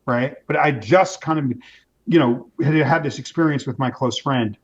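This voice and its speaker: Male interview guest, animated storyteller, mid pitch, muffled lo-fi audio. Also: brisk, husky. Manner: animated storyteller, acts out quoted voices, many restarts. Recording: dull lo-fi sound.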